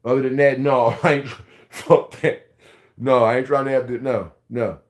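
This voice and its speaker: This is a man in his forties from Philadelphia ranting to his viewers. He swears freely and rambles through heated, comic tangents. His voice sits at an ordinary middle pitch. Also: steady tone, moderate pace. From Philadelphia, USA. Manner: loud, profane, heated, rambling storyteller. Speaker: vlogger. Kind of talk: profane comedic rant to camera.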